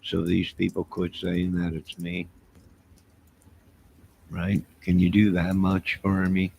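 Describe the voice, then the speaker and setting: A man with a low, gravelly voice rambles to his live-stream viewers late at night, taking his time over every thought. He sounds loose and a little defensive as he talks right at them. A faint hiss of noise sits under the recording. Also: completely flat delivery, takes it slowly, darkish tone. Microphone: wearing headphones at a desk mic.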